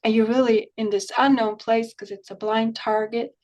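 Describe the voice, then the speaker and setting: A woman talks with an interviewer, telling a long story and quoting the people in it. Her voice sits on the high side. She talks in an animated way. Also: moderate pace. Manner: animated storytelling, quotes conversations in her own voice. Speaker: remote viewer. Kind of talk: conversational interview recounting an experience.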